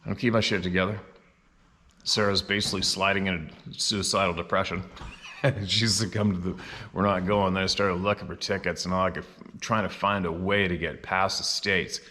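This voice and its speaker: Blunt, fired-up man with a bright voice. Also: low-pitched, steady tone, fairly quick. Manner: blunt, fiery, swearing freely. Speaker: show host. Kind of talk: casual monologue.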